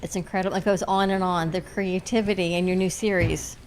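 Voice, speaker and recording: A woman's voice: lowish voice, steady tone, brisk, darkish tone, a little hiss or hum, low-quality recording. A woman hosting a live interview, enthusiastic and full of compliments. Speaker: show host.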